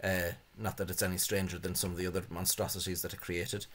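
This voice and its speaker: A man's voice: low-pitched, level tone, fast, a bit bright, breathy edge. Hesitant man lecturing. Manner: hesitant, many fillers, scornful asides. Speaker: language video host. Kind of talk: spoken lecture on spelling reform.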